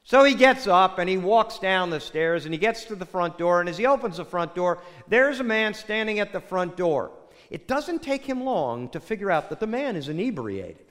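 A man preaching a sermon, telling a joke in a folksy, animated way before turning to a Bible reading. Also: high voice, moderate pace. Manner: folksy storyteller, animated with acted quotes. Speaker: pastor. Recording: long hall reverb.

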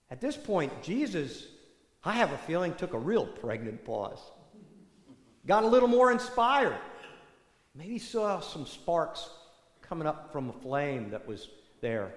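A parish priest giving a sermon in a church, telling the story in a conversational, animated way with many asides. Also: male voice, high-pitched, a little slow, long pauses. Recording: echoey church hall reverb.

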